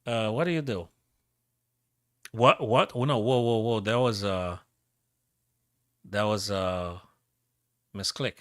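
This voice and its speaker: Excitable man calling chess moves live. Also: on the low side, slow pace, long pauses, no room sound, studio quality. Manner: thinking aloud, excitable, repeats himself. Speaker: chess streamer.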